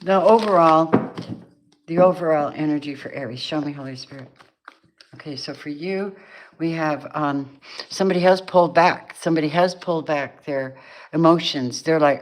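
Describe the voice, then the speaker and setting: A woman's voice: low-pitched, moderate pace. A middle-aged woman doing a casual, chatty tarot reading, laughing often and acting out the people she sees in the cards. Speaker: tarot reader.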